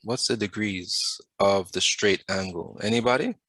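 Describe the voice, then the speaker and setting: Man, math teacher, lowish bright voice, quizzes the class, patient, dry close sound. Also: a little slow, no room sound. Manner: asks the class questions, patient. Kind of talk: classroom lesson over a video.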